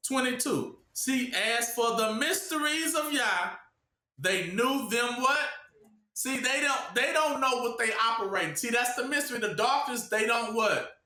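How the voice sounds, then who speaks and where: A man preaching informally, often pausing with "what?" for listeners to finish his sentences. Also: very high voice, animated, bright, forceful tone, reverberant. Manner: asks the audience to fill in the word with "what?".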